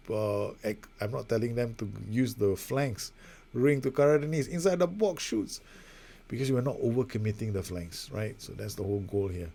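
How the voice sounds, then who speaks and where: Low-voiced man calling a management game. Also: dark tone. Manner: rambling, self-mocking, narrates passes play by play. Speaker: gaming video host. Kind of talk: casual live commentary over a football management game.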